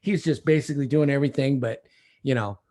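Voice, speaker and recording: A man's voice: mid-range voice, fast talker. Man, middle-aged, casual rambling storytelling, does voices in his stories. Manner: rambling, animated retelling with voiced quotes. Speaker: podcast guest. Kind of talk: casual storytelling over drinks.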